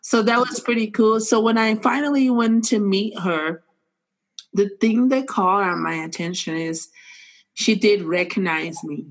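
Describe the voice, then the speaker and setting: Animated woman host, playful and laughing. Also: medium pitch, unhurried. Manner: animated, laughs often, bursts into playful acted quotes. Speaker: podcast host. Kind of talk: casual podcast chat.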